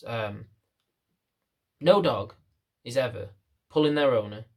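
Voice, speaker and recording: A dog trainer with a medium-pitched, slightly mellow voice speaks slowly in a casual explainer to camera. He's chatty, repeats phrases, and acts out little scenes.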